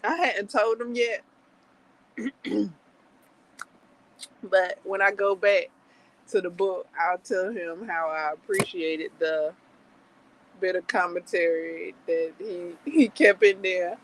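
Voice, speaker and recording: A woman chatting on her livestream at an unhurried, drawn-out pace. She giggles often and rambles through many fillers and restarts, with a mid-range voice. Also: mid-range voice, poor audio. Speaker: livestream host. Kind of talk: casual chat.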